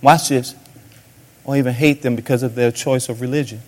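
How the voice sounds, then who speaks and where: A man preaching a sermon as a pastor, swinging between sudden shouts and hushed asides. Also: medium pitch, steady tone, moderate pace.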